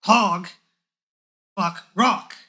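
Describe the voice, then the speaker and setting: A man's voice: sits high, drawn-out words, bright, forceful tone, pitched above the performer's own voice, full character voice. A man voicing a dim-witted male orc who talks in broken grammar and speaks of himself by name. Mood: blunt.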